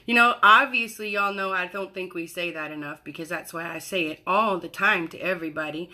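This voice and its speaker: Woman in her 40s hosting a chat, bright voice, rambles and cuts herself off. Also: on the low side, a little fast, few pauses. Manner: chatty, rambling, interrupts herself. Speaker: host. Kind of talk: casual chat.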